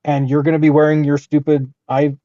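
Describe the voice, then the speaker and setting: A man's voice: on the high side, little pitch movement, brisk, mellow, dry recording, dull audio. A man co-hosting a podcast, talking casually and opinionatedly, with frequent restarts. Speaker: podcast co-host.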